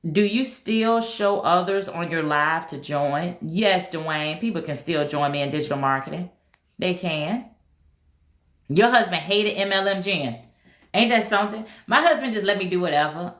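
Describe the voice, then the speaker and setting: A woman's voice: lowish voice, normal speed, a bit bright. A middle-aged woman hosting a casual livestream, talking emphatically and straight to her viewers. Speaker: livestream host. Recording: echoey room.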